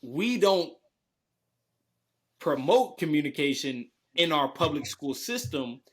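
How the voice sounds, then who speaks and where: A young man co-hosting a casual podcast, speaking earnestly with emphatic stresses. His voice sits a little on the high side for a man. He leans on fillers like "you know what I'm saying" as he builds his argument. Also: very animated, slow, a bit bright. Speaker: podcast co-host.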